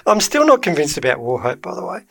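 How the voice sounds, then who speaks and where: A man's voice: sits high, huge pitch swings, fast, vocal fry, fairly bright tone. A man co-hosting a podcast, teasing and playful in casual chat. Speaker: podcast co-host.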